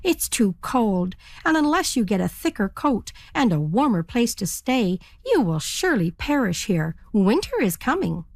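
A woman voicing a big male raven who scolds bluntly and slowly. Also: on the high side, very animated, dry recording, studio quality. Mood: scolding.

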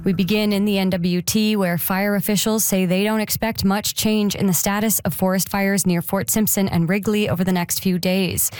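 A woman news anchor reading a regional radio newscast in a steady, measured way. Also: mid-range voice, no room sound. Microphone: studio microphone.

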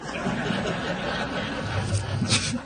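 Speaking very slowly in a slightly bright voice, with a little hiss or hum, a Canadian man in his forties performs a stand-up set. He relaxes into his stories and laughs at his own jokes amid audience laughter.

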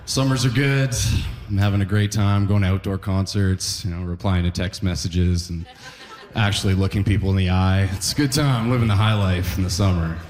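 Stand-up comic from northern Canada, low voice, relaxed dry delivery, long hall reverb. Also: male voice, moderate pace. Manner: laid-back, dry one-liners. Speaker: stand-up comedian. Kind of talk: stand-up set.

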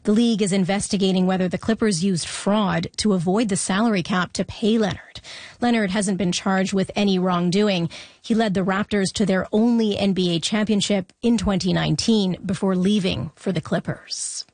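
A woman's voice: mid-range voice, dry recording. Woman reading radio news, dry studio. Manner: measured, even newsreader delivery. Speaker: news anchor. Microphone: studio microphone.

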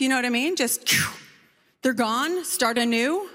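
A woman comedian performing a stand-up set on stage, telling a story in a lively, conversational way. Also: high-pitched, unhurried, long reverb tail.

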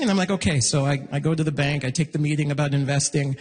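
A man performing a stand-up comedy set on a concert hall stage, animated, with shouted bursts and mock voices. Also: on the high side, rapid-fire. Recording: live hall recording with long reverb.

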